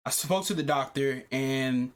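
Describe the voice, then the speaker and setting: A man hosting a podcast, telling a long personal story in casual chat, animated and profane, often repeating himself. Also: medium pitch, unhurried. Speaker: podcast host.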